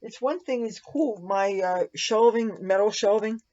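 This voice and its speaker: A woman's voice: mid-range voice, measured pace, warm tone. Woman doing a makeup tutorial at home, rambly and chatty, talks to her cat, kinda muffled recording. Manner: rambling, fond baby talk to her cat.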